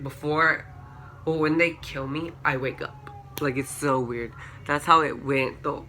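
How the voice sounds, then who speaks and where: A young man vlogging a storytime, rambling through a dream with constant filler words and rising into excited shrieks when he quotes himself. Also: slight background noise. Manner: excited, rises to high-pitched shrieks when quoting himself. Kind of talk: storytime vlog. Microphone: camera.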